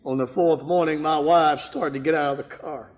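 With a slightly high voice, fairly even intonation, and a moderate pace, a Michigan man preaches his testimony in a church sanctuary. He quotes dialogue, tells his life story with strong emotion, and cries out at climactic moments. The recording is lo-fi and dull, captured in a reverberant hall.

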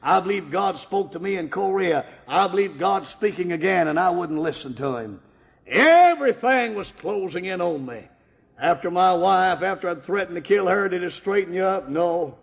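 An older man giving a fervent sermon testimony, swinging from hushed tones to loud outbursts. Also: high-pitched, lively intonation, moderate pace, gravelly. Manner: impassioned, swings from hushed to shouting. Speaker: preacher giving his testimony. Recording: dull lo-fi recording in a reverberant hall.

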